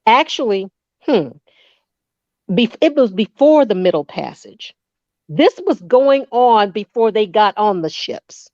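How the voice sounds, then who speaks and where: A woman's voice: mid-range voice, slow pace, no room sound. A woman speaking emphatically on a casual commentary panel. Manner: animated, emphatic. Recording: dull, dry lo-fi audio.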